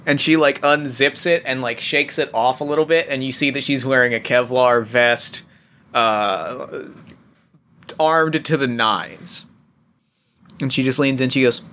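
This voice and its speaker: A man's voice: medium pitch, a little slow, bright, forceful tone, a little hiss or hum. A man narrating as game master of a tabletop role-playing game, rambling with lots of fillers and restarts.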